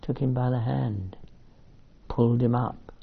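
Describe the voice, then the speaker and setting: A man's voice: medium pitch, steady tone, a little slow, creaky, slightly rough. A man giving a sermon-style bible teaching, reading verses aloud and commenting on them with fillers and asides. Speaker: preacher. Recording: muffled lo-fi recording.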